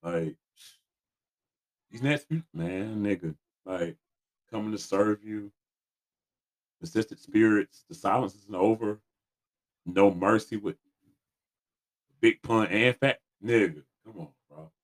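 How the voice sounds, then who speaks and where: A man's voice: fairly low pitch, slow, pauses often. A congested man co-hosting a casual album review chat, talking in laid-back slang and trailing off. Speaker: podcast co-host.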